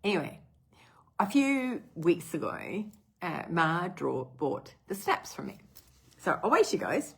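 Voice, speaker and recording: A woman's voice: mid-range voice, creaky, a bit bright, husky. A middle-aged woman with a cough, rambling casually with lots of fillers as she tells a story to camera. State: has a cough. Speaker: brand partner telling a customer story.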